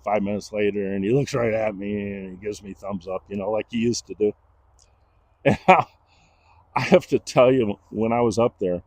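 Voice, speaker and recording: A middle-aged man, telling a personal story in a casual, animated way and acting out the voices of the people he quotes. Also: fairly low pitch, dry recording. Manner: animated, acts out quoted dialogue.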